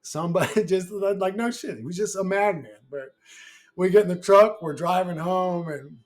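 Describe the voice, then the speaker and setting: A YouTuber with a high-pitched voice, speaking at normal speed, rambles through a personal story to camera. His casual storytelling is brash and packed with heavy swearing.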